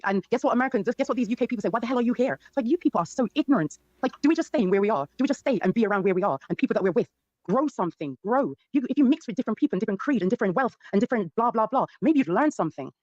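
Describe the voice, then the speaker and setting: Woman panelist, rapid-fire and brash, dry dull call audio. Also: a little high, expressive, darkish tone, dry recording. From born in Jamaica, raised in the UK. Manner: brash, provocative, talks over others. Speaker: panel guest. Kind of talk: heated casual panel debate.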